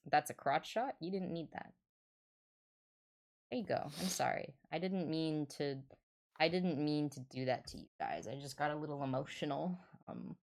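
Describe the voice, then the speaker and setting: Give me a young woman with a low voice chatting casually on a livestream. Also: vocal fry, a little mellow. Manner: chatty, joking, swearing. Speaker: streamer.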